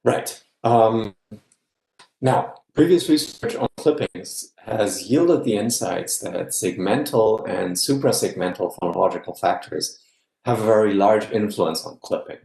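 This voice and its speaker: A man giving an academic guest lecture, explaining step by step and often checking in with a quick "yeah?". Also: fairly low pitch, creaky, a little mellow, roomy sound.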